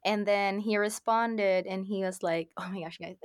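A woman guest on a podcast tells a personal story in a chatty, animated way, acting out every line of the back-and-forth. Her voice sits in a middle range and sounds dry and close, with no room echo. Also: medium pitch, measured pace. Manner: animated, quotes herself and others, frequent laughs. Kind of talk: casual storytelling.

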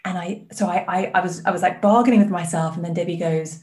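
A woman guest on a podcast, a life coach talking in an animated, earnest way. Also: lowish voice, fast, few pauses. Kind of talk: podcast conversation.

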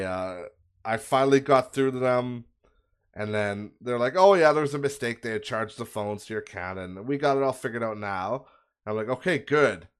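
A man hosting a podcast, ranting in a casual, profane and exasperated way and laughing at his own bad luck. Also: mid-range voice. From Canada. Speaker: podcast host. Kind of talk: casual rant.

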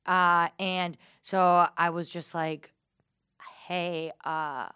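A young woman comedian hosts a loose, casual chat with a low-pitched voice. She tells self-deprecating stories and slips into quick voices for everyone in them. The sound is dry and close. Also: flat delivery, bright, forceful tone, smooth, no room sound. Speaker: comedian and podcast host.

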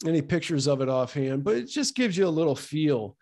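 A man co-hosting a casual chat, relaxed and rambling with lots of "um" and "like". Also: on the high side, brisk. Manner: relaxed, rambling, many fillers like "um" and "like". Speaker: podcast co-host.

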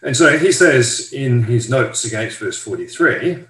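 A man's voice: medium pitch, animated, measured pace, fairly bright tone, reverberant, poor audio. A man giving a careful, step-by-step Bible study explanation as a teacher.

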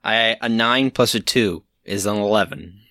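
Give me a playful, rambling man role-playing, with a bright, forceful tone. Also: fairly low pitch, moderate pace, dry recording. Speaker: player. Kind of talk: tabletop role-play.

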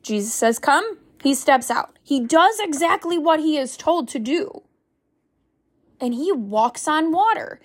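A young woman, a stay-at-home mom, giving an earnest, preachy faith-based motivational talk full of rhetorical questions as a podcast host. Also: sits high.

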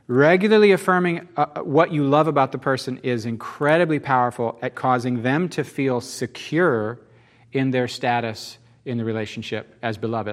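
A man preaching a sermon in a folksy, conversational way, often asking the congregation rhetorical questions. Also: medium pitch. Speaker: pastor.

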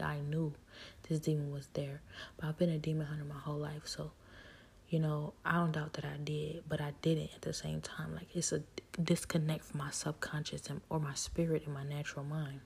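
A woman telling a personal spiritual testimony in an intimate, halting way, often sinking into a near whisper. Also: low voice, level tone, gravelly, darkish tone, a little hiss or hum. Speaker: speaker sharing her story.

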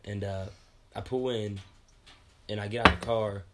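Young man, lowish voice, casual chat, cussing, tripping over his words. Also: steady tone, normal speed, heavy background noise. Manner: profane, rambling storyteller who repeats words.

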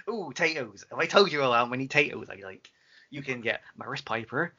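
A man co-hosting a podcast, chatty and quick to laugh, trailing off mid-thought in casual banter, on a dull lo-fi recording. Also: medium pitch, lively intonation, sharp tone, breathy edge. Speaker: podcast co-host.

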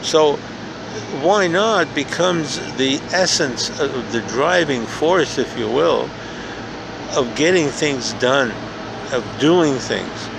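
A man's voice: mid-range voice, animated, slow, creaky. An older man hosting a podcast outdoors in a park, telling a motivational story in an earnest, repetitive way that builds to emphatic rhetorical questions. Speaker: podcast host. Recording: faint outdoor background noise.

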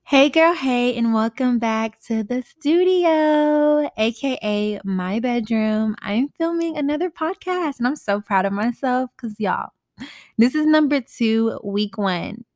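A woman's voice: a little high, takes it slowly, no echo, clean studio sound. A young woman in her twenties hosting a casual storytime podcast from her bedroom, talking candidly in slangy, profane speech. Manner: candid, slangy and profane, animated quoted voices. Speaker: podcast host.

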